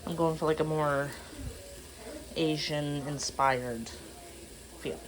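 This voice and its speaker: A young woman talks to her camera in a loose, rambling vlog style, dropping plenty of "like"s along the way. Her voice sits a little low for a woman. Clear background noise runs behind her. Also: steady tone, slow. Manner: chatty, rambling with many fillers. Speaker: vlogger. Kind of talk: casual vlog talk to camera. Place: kitchen and parked car.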